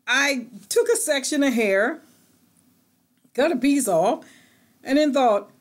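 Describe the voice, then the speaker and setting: A woman's voice: high voice, slow, long pauses. Chatty middle-aged woman vlogging at home. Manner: chatty and animated, swinging from excited to hushed. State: out of breath. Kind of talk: casual vlog talk to camera.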